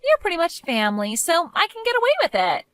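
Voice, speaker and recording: A woman voicing an entitled, self-righteous young woman who talks in a shrill, indignant, whiny way, as scripted story voice acting. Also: wildly swooping pitch, fast talker, a bit bright, dry recording, heavily acted. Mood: smug.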